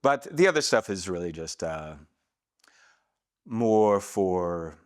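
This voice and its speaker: A middle-aged man from Atlanta, Georgia, working as a voice actor, telling stories in a relaxed way in a casual interview and laughing easily. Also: deep voice, takes it slowly. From Atlanta, Georgia, USA. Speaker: guest, voice actor.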